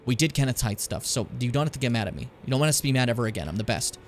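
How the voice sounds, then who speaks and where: A man's voice: medium pitch, expressive, very fast, faint music behind. A man streaming a video game, giving casual commentary, chatty and joking, swearing freely and talking to his viewers.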